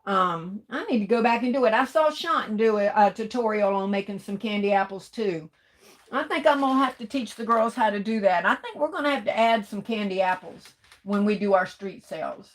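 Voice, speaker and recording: A woman's voice: medium pitch, lively intonation, brisk. Chatty woman greeting viewers on a livestream. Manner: chatty, greets viewers warmly with "hey, baby". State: fighting off coughs and sneezes. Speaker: livestream host. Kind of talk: casual live chat reading comments.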